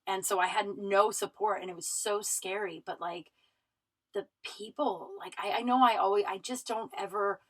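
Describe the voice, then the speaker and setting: A woman's voice: mid-range voice, steady tone, moderate pace, low-quality recording. A woman hosting her podcast, telling a personal story in a rambling, emotional way, teary and sniffling, with many restarts and fillers. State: tearful, runny nose. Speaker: podcast host. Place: home recording room.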